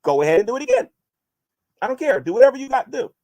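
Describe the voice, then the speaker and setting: A man's voice: very high-pitched, big pitch swings, very fast, a little mellow. A man vlogging as he answers viewer questions and combatively addresses his critics, often restarting his sentences. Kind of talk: casual vlog monologue.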